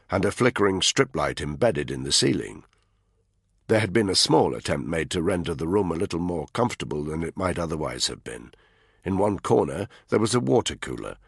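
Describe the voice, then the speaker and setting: A man narrating an audiobook thriller in steady, measured storytelling. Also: low-pitched, vocal fry, slightly rough, dry recording, clean studio sound. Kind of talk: scripted narration.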